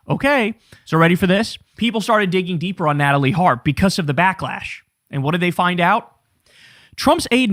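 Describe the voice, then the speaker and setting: A man's voice: high-pitched, a bit bright, no room sound, clean studio sound. A man hosting an online political commentary show, blunt and sarcastic.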